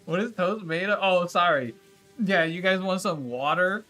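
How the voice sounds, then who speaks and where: A man's voice: high voice, normal speed, pushed and bright, soft background music. A man streaming a game who rants and argues with his chat, swearing and exasperated. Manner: exasperated, profane ranting; argumentative, talking back to chat. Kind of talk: casual livestream chat with viewers.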